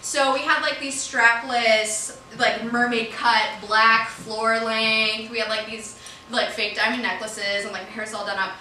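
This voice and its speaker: A bright, high-voiced woman telling a stand-up story on a club stage, swearing freely and breaking into loud laughing bursts. Her voice rings through a roomy club and sounds a little far from the mic, with faint room noise underneath. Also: level tone. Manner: casual, profane, swings from quick mumbles to loud laughing outbursts. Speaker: stand-up comedian. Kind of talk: stand-up comedy set. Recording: roomy live club sound, heard from a distance.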